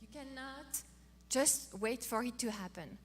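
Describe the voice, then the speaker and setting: A woman's voice: a little high, measured pace, soft background music. A woman speaking to couples about marriage, explaining step by step and restarting her phrases as she goes. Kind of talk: teaching talk to couples.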